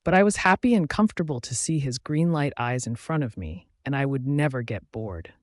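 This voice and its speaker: A man voicing a gentle, grateful young woman with scars in a werewolf audiobook, speaking softly and quietly. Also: medium pitch, animated, fairly quick, no room sound, clean studio sound, lightly acted. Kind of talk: audiobook narration.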